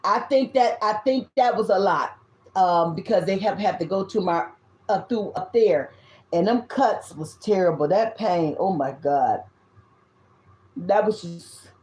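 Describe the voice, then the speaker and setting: A woman in her fifties with a Southern US accent, giving a tarot reading in loud, blunt, casual talk and swearing freely. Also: mid-range voice, a little slow. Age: 50s. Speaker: tarot reader. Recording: echoey room.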